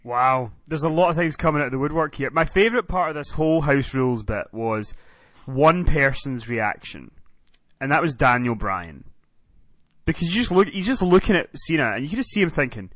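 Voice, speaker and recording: A man's voice: a little high, no room sound. A man co-hosting a podcast, telling stories animatedly and acting out quotes. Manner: animated storytelling, acts out quotes. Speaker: podcast co-host. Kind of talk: casual chat about reality TV.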